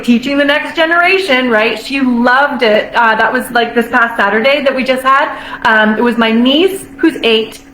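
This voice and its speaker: A high-voiced woman talks as a nutrition coach in a bubbly, upbeat way, laughing often and drawing out the words she wants to stress. The recording carries a noticeable room echo. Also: a bit bright. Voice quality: bubbly, laughs often, drawn-out emphatic phrases. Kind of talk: casual motivational talk to camera.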